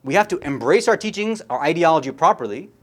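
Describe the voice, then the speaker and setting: A man's voice: fairly high pitch, lively intonation, fast. A man delivering a sermon, moving into an impassioned, mournful retelling. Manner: rising to impassioned, tearful recounting. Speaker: speaker at an Islamic centre. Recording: long hall reverb.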